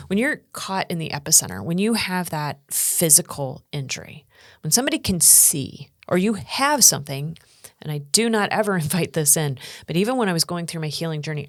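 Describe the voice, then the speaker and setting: A middle-aged woman with a lowish voice recounts her experiences in an earnest, animated way, slipping into the voices of people she quotes. The sound is close and dry, with no room around it. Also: brisk, dry recording. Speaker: guest speaker and coach. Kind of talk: podcast interview storytelling.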